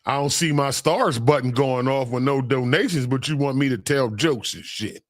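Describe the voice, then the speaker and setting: A man's voice: mid-range voice, moderate pace, dry recording, clean studio sound. A man hosting a casual livestream, reading chat comments aloud, using laid-back slang and teasing with frequent laughs. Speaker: livestream host.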